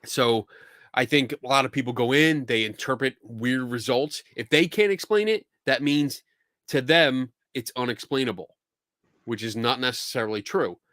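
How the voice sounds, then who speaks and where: A man with a Philadelphia accent hosting a casual live show, chatty and quick to laugh and swear. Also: mid-range voice, a bit bright, dry recording, clean studio sound. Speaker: podcast host. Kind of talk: casual livestream chat.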